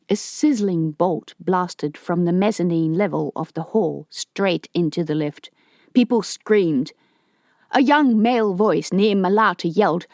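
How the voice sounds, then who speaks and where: A woman narrating an audiobook in a steady, clear storytelling manner. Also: fairly low pitch, measured pace, no room sound, studio quality. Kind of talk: scripted narration.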